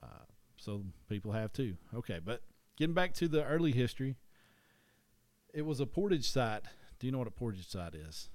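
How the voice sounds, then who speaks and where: A man's voice: medium pitch, sing-song, normal speed, darkish tone, no echo. A man from East Tennessee with a Southern accent, co-hosting a casual history chat in a rambling way, often restarting and correcting himself.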